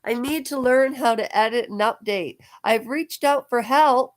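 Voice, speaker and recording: Slow-talking woman vlogging from home. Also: on the high side. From Ukraine. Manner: emotional, meandering, talks straight to camera. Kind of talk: rambling personal vlog. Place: at home on a houseboat.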